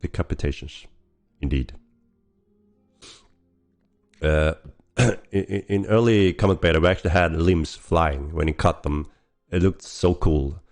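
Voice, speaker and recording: A man with an extremely deep, rough voice hosts a casual stream Q&A while sick. He coughs and clears his throat often, and faint music plays behind him. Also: unhurried, pauses often. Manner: chatty, frequent throat clearing and laughs. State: hoarse from a cold, coughing. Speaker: game developer hosting a weekly stream. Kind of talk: casual livestream Q&A.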